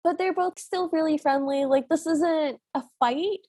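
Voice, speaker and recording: A woman's voice: high voice, a little slow, mellow, no room sound, studio quality. A woman co-hosting a podcast, chatting casually about a film and often laughing as she talks. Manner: giggly, laughs often while talking. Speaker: podcast co-host. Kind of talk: casual chat recapping a film.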